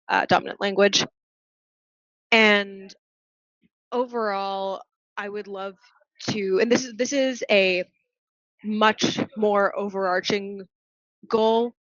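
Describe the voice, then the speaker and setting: A young woman speaks earnestly and fluently as a podcast guest, explaining her plans in long, well-formed sentences. Her voice has a middling pitch. The audio is dry and slightly muffled. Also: fairly bright tone, dry recording. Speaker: nonprofit founder and guest. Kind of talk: podcast interview answer.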